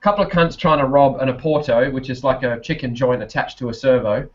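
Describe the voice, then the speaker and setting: A man's voice: mid-range voice, a little fast, dull audio. A man with a South Australian accent, a podcast guest telling rambling stories, swearing heavily and laughing often. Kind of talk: casual chat.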